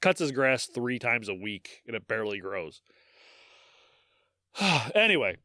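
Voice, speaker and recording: A man's voice: medium pitch, sing-song, measured pace, bright, forceful tone, no room sound, clean studio sound. A man co-hosting a podcast, reading history aloud and breaking off into profane, joking asides. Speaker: podcast co-host.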